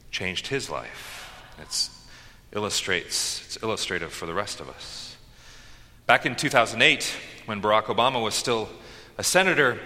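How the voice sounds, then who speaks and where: A man preaching a sermon from a church pulpit, his voice strikingly bright and forceful. He builds with dramatic pauses and bursts of rising energy. Long reverb from the sanctuary trails behind every phrase. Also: lowish voice. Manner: dynamic preaching with dramatic pauses and shouted call-and-response lines. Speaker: pastor.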